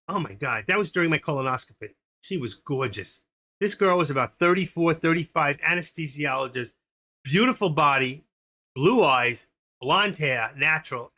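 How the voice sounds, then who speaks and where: A man's voice: fairly high pitch, bright, forceful tone. A middle-aged man hosting a live stream, chatting casually and telling jokes in a rambling way, laughing at his own punchlines.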